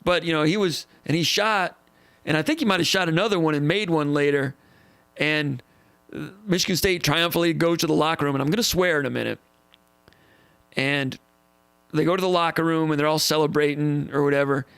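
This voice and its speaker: A man hosting a live show and answering viewer questions, telling stories in a casual, animated way and repeating phrases for emphasis. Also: a little high, brisk, clean tone, dry recording. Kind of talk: casual live-stream storytelling.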